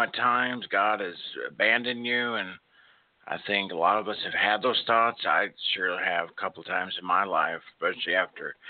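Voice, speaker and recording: A man's voice: on the low side, dry recording. A man co-hosting a call-in radio show, talking in a reflective, conversational way with many fillers. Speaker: radio co-host. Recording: dry tinny phone line.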